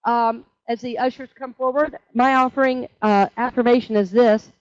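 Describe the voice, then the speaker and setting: A woman's voice: a little high, fairly even intonation, normal speed, no echo. A woman leading a church class in a chatty, conversational teaching style, often checking in with "right?". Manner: chatty, with frequent "right?" asides. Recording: dull lo-fi dry recording.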